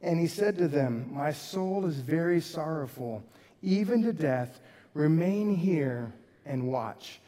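A man's voice: on the high side, expressive, takes it slowly, warm tone, big-room sound. A man preaching a sermon as pastor, earnest, rising and dropping his voice for emphasis. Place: church sanctuary.

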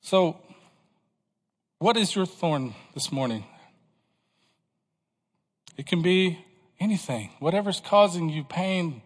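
High-voiced male preacher in a reverberant hall. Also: lively intonation, takes it slowly, long pauses. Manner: questioning, emphatic preaching to a congregation. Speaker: pastor. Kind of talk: sermon.

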